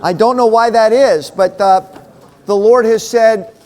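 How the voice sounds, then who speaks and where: Man, men's ministry speaker, high voice, chatty storytelling sermon, hushed asides. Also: measured pace. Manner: animated, chatty storyteller who drops to a hushed voice. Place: meeting room with a live audience.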